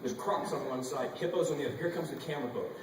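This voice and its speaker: A man telling a wild story on a convention panel, animated and profane. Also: mid-range voice, racing. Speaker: panel guest actor. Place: large convention hall. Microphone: audience camera far from stage. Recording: echoey hall recorded from far off with noise.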